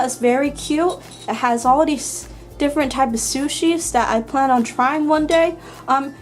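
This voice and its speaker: A woman's voice: sits high, poor audio. A young woman giving a casual cooking tutorial in her home kitchen, chatty, crude and swearing freely, easily grossed out. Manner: easily disgusted, grumbling. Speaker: cooking vlogger.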